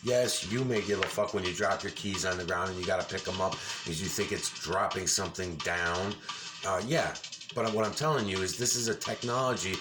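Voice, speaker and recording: Over music, a man with a low voice rants casually and fairly quickly in commentary over a video. He's angry and insistent, swearing heavily and repeating himself.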